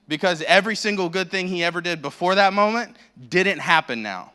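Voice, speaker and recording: American male guest pastor, higher voice, crisp and clear, wry rambling humor, handheld mic in church. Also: expressive, fairly quick, hardly any pauses, pushed and bright. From United States. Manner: self-deprecating, joking and rambling. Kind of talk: sermon. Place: church sanctuary. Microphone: handheld microphone.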